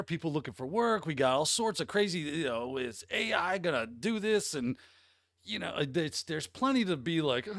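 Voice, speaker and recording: An upbeat man from the American Midwest hosts a casual livestream chat, rambling cheerfully and greeting viewers by name. His pitch swings freely up and down. The sound is dry and close to the mic. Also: a bit bright, no room sound. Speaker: host.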